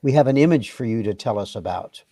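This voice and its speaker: A man hosting a live interview, gently prompting his guest with questions. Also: mid-range voice, animated, fast, no room sound. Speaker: interview host.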